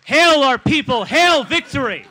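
A man chanting at a rally in an archival news clip, shouting fervently from a distance. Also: extremely high pitch, lively intonation, a little slow, full character voice.

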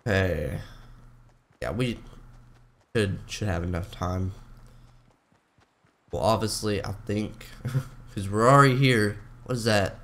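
A young man giving casual gameplay commentary, rambling and poking fun at himself, with a rough morning voice that cracks. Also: fairly low pitch, slow, pauses often, fairly bright tone. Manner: rambling, self-mocking, talks to himself while playing. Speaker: gaming YouTuber.

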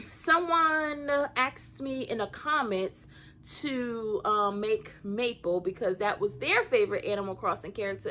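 A woman's voice: a little high, a bit bright. A woman with a Southern US country accent, chatting casually and encouragingly to camera about her crochet work, laughing often. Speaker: crochet vlogger.

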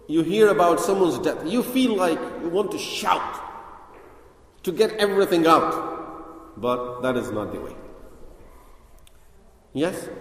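Man lecturing in an echoey hall. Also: fairly high pitch. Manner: reads Arabic text fast, then explains it slowly in English. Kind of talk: Islamic lecture explaining hadith. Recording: echoey hall with long reverb.

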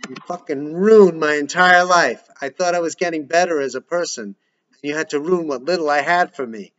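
A man voicing an angry teenage girl who yells through a door. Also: sits high, lively intonation, unhurried, voice pushed up. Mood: furious. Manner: yelling, raised and strained. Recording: dull lo-fi recording.

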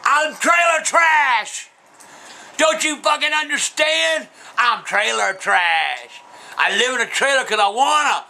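A male actor plays a cranky elderly trailer-park resident in a comedy Q&A, yelling in a strikingly high, piercing voice that sounds bright and edged instead of gruff. He curses nonstop, drifts off topic, and insults whoever posed the question, fully in character with lively intonation at normal speed. The audio quality is poor.

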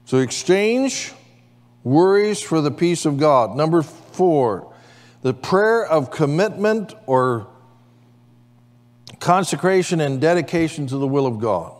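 The pastor speaks slowly, his fairly high voice rising and falling with lively intonation as he delivers a sermon. He calls for amens and the congregation responds, all echoing with the long reverb of a church sanctuary.

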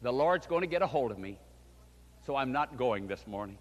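A man's voice: mid-range voice, expressive, a little fast, muffled recording, pitched below the performer's own voice, natural voice. Man quoting a stubborn, discouraged young woman. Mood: reluctant. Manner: reluctant, insistent. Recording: long hall reverb.

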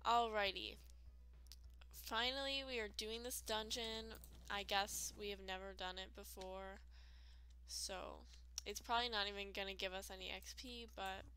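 A woman's voice: mid-range voice, pushed and bright, smooth. A woman giving casual, rambling let's-play commentary, full of fillers and self-deprecating asides. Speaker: gaming video creator.

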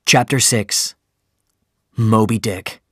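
A man reading a story aloud in slow, clear, deliberate narration for language learners. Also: on the low side, fairly even intonation, fairly bright tone, dry recording, clean studio sound.

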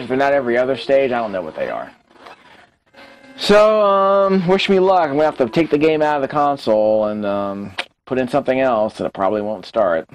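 A mid-range male voice comes through a low-quality recording with a bit of hiss or hum. He's a let's play host casually commenting on a retro game, chatting to himself and picking apart his own mistakes.

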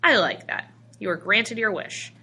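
A woman doing a calm, mysterious little stranger. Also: medium pitch, husky, voice pushed up, exaggerated voice. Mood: wry. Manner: slow, measured.

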